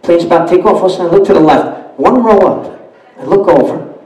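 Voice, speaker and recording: A man, a party emcee telling a story to the crowd in a brash, animated way. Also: high-pitched, fast talker, distant mic. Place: banquet hall at a dinner dance. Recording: echoey hall, mic from afar.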